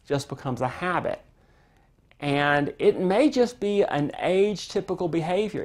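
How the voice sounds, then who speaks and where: A parenting instructor giving a calm, conversational lesson, explaining with everyday family examples. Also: mid-range voice. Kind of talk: instructional talk to camera.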